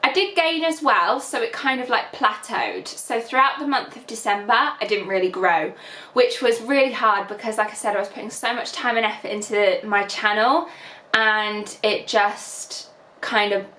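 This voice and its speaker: A woman's voice: fairly high pitch, normal speed, pushed and bright, echoey room. A woman in her twenties with a Northern English accent, chatting casually to camera as a vlogger, full of fillers and at times close to tears. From England. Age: 20s. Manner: chatty, many fillers, emotional and teary at times. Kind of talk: casual reflective vlog chat.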